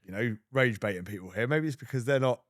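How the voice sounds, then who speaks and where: A man's voice: medium pitch, quick pace, no echo, clean studio sound. A man hosting a podcast, reflecting in casual conversation, often filling with "you know" and "like". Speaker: podcast host. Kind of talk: casual interview chat.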